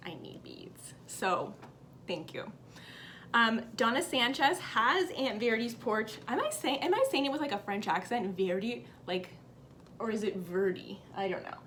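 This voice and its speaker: A woman's voice: fairly high pitch, a bit bright, slight background noise. A woman hosting a cross-stitch vlog, chatting upbeat to camera and reading out viewer comments at home. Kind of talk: casual chat to camera.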